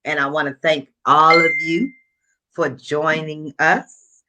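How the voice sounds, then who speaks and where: A woman's voice: sits low, little pitch movement, slow, very noisy. A woman co-hosting a live group video chat in an upbeat, friendly way. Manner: upbeat, bright. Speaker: co-host. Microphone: video call.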